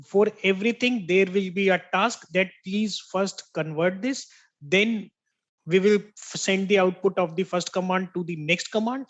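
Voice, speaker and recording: Male tech trainer with a high voice, explains patiently, repeats key terms, keeps asking "right?". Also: normal speed, lo-fi sound. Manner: explanatory, checks in with "right?" after each point. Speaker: software instructor. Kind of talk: online tech training lecture.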